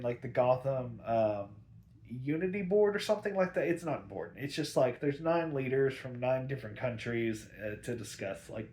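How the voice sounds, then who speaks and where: A man's voice: medium pitch, a little mellow, a little hiss or hum. A man casually recapping an old movie, rambling with lots of fillers and swearing. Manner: rambling, filler-heavy, profane. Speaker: host recapping a film. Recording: roomy echo.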